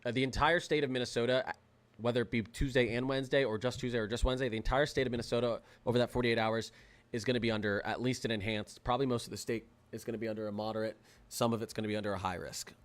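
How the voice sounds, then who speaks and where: A young man hosting a live weather stream, talking in an excitable, rambling way with lots of fillers and restarts. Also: mid-range voice, rapid-fire. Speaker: weather livestream host. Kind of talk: casual livestream commentary.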